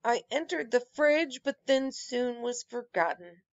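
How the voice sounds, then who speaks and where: A woman's voice: fairly high pitch, animated, unhurried, no echo, muffled recording. A woman voicing a gloomy, forgotten old male fruitcake who speaks in a mournful, self-pitying way.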